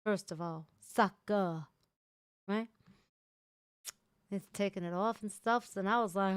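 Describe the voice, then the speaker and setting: A woman hosting a casual livestream, chatting loudly and crudely with her viewers. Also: medium pitch, takes it slowly, pauses often, smooth, no echo, clean studio sound. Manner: loud, bubbly, crude banter with viewers. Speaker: livestream host.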